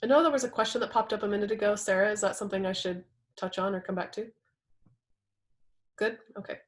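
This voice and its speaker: A woman's voice: mid-range voice, steady tone, quick pace. Woman leading a relationship workshop. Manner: conversational, acts out example quotes. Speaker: workshop presenter. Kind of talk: live workshop talk.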